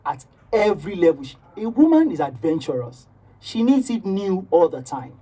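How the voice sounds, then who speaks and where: A Nigerian woman guest on a radio chat with a low, mellow, husky voice. She sits a little away from the mic and rambles, checking often whether she is understood. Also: big pitch swings, normal speed, far from the mic. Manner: rambling, keeps asking "do you understand?".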